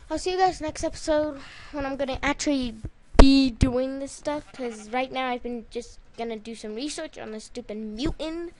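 A woman giving casual, rambling gameplay commentary, excitable and prone to loud outbursts, with music behind her. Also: sits high, noisy background. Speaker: gaming YouTuber.

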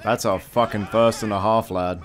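Excitable swearing gameplay commentator man. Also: fairly low pitch, normal speed, crowd noise. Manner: excitable, swears often, frequent exclamations. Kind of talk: casual let's-play commentary.

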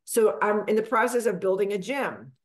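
A middle-aged woman from Texas, a financial advisor guest, telling her story in a lively conversational way and acting out the people she quotes. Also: moderate pace. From Texas, USA. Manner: animated, acts out quotes with big pitch jumps.

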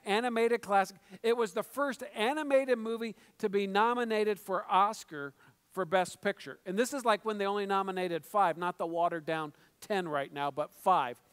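A middle-aged man preaching a sermon as pastor, talking conversationally with joking asides and stumbled restarts. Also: sits high. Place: church sanctuary. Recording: reverberant church hall.

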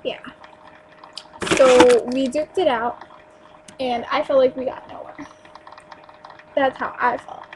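Young woman from New Jersey, high-pitched, blunt and emphatic, casual rant into a hissy webcam mic. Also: steady tone, slow pace, long pauses. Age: young adult. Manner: blunt, emphatic, swears freely. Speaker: store clerk venting on a vlog. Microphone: built-in webcam mic. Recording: noisy webcam recording.

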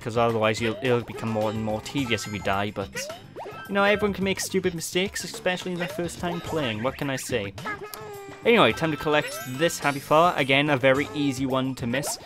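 A man's voice: medium pitch, big pitch swings, a little fast. A man from Wales giving casual, rambling gameplay commentary with self-mocking jokes. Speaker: let's play host. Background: game music.

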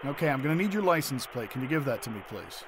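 A man's voice: mid-range voice, very animated, quick pace, fairly bright tone. A man voicing a businesslike emergency dispatcher asking callers routine questions. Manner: scripted, businesslike. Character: calm male emergency dispatcher. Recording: noisy game audio.

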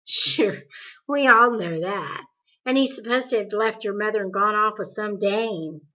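A woman voicing a friendly, confident teenage boy who talks loud and blunt, in a dull lo-fi recording. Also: mid-range voice, unhurried. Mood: brash.

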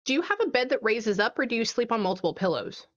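A woman psychic medium in a casual one-on-one reading, chatty and animated as she retells what she hears. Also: a little high, fast, lo-fi sound.

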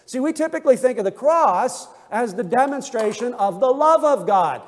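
A man's voice: very high voice, animated, moderate pace, in a large hall. A man preaching an expository sermon as pastor, earnest and emphatic, restating points and reading scripture aloud. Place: church sanctuary.

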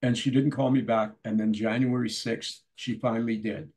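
An older man from Canada, a musician guest telling lively anecdotes in a casual interview and often acting out the people in his stories. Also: medium pitch, moderate pace, poor audio.

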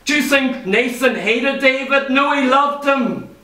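A man's voice: extremely high pitch, unhurried, bright, forceful tone. A man preaching a sermon in a church, telling a Bible story with emphatic repetition. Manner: emphatic storytelling preaching, repeats key phrases. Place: church hall. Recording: roomy church sound, mic far off.

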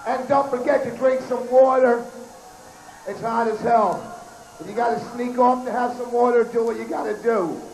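A hoarse male comedian emceeing an outdoor festival stage, joking brashly and swearing at the crowd. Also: extremely high pitch, fairly even intonation, normal speed, darkish tone, slight background noise. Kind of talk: stage banter. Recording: echoey outdoor PA sound.

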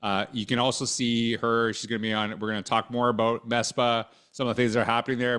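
A man hosting an interview podcast, talking in an enthusiastic, animated way with frequent restarts. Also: medium pitch, fast talker, hardly any pauses, clear, resonant tone. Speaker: podcast host. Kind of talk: casual interview chat.

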